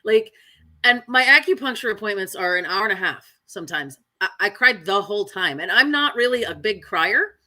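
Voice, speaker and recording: A woman dog trainer talking candidly in casual chat, often tagging her sentences with "right?" and filling pauses with "um". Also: mid-range voice, animated, pushed and bright. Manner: candid, frequent fillers and "right?" tags.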